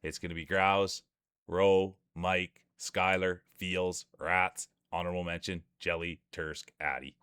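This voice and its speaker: A man's voice: low voice, little pitch movement, a little slow, fairly bright tone, smooth, no room sound, studio quality. A man commentating marble races live on stream in a hyped announcer patter, chatting with his viewers between calls. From Canada. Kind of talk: playful sports-style race commentary.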